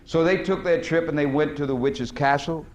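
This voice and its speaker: High-voiced man lecturing with a preacher's call-and-response. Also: moderate pace, highs cut off. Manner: preacherly, asks the audience questions and answers them himself; retells film scenes with quoted voices, stretching words for emphasis. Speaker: guest lecturer. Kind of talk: lecture to a live audience. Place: lecture hall at a conference.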